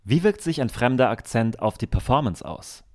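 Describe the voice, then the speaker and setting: A man narrating a documentary and introducing the interview questions in an even, informative way. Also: medium pitch, normal speed.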